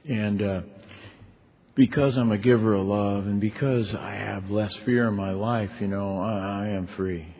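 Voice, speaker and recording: Middle-aged guy sharing his story at a meeting, kinda husky and lowish, tinny recording with big hall echo. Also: fairly even intonation, a little slow. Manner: candid and conversational, many "you know" and "man" fillers. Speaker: recovery meeting speaker. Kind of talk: personal story told from a stage. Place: large convention ballroom.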